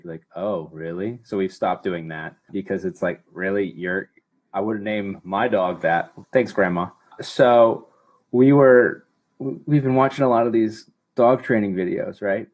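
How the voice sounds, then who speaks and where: A man's voice: low-pitched, highs cut off. A young man co-hosting a podcast, telling stories in casual chat and slipping into playful mock voices. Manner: animated storyteller, slips into mock voices. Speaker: podcast co-host.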